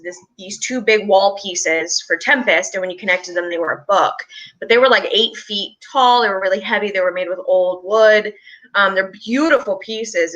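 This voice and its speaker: Young woman from west virginia, bright voice, rambly casual chat with lots of restarts. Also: mid-range voice, muffled recording. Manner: rambling, restarts often, laughs between stories. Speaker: guest, member of a touring theater troupe.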